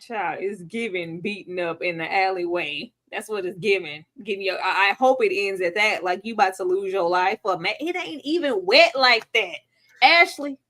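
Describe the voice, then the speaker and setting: A woman's voice: mid-range voice, normal speed, pushed and bright. A woman on a video call giving blunt, wisecracking commentary on a TV episode in casual slang. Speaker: panelist on a live TV breakdown stream.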